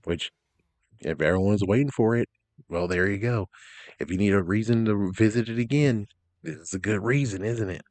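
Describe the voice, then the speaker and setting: A young man casually commenting on game announcements, rambling, ranting loudly at times and then trailing off into mumbles. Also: fairly low pitch, moderate pace, no room sound. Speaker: gaming vlogger.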